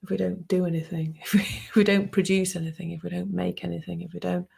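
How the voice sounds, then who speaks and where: A woman speaks in a low, gravelly voice with a husky edge. She talks softly and thoughtfully about her own experience, often sinking to a near-whisper. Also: flat delivery, quick pace. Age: 50s. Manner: soft-spoken and reflective, often dropping to a hushed near-whisper. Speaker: speaker sharing a personal reflection. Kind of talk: personal reflective talk.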